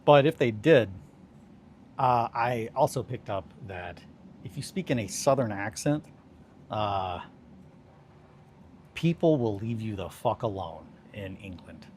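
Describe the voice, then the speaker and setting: A young man streaming a casual chat, telling rambling stories with lots of swearing and sudden bursts of excitement. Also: lowish voice, slow pace, pauses often, a little hiss or hum.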